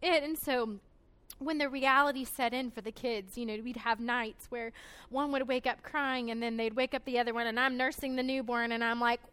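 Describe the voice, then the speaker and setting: A woman's voice: a little high, fairly even intonation, normal speed, a bit bright, smooth. A young woman giving an earnest, emotional personal testimony at a conference, with frequent hesitations. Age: 20s. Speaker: conference speaker.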